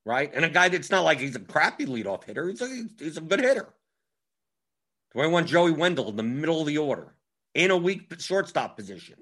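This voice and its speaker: A man's voice: fairly high pitch, very animated, a little fast, a bit bright. A man giving a casual tutorial on fantasy sports strategy, talking emphatically with frequent restarts.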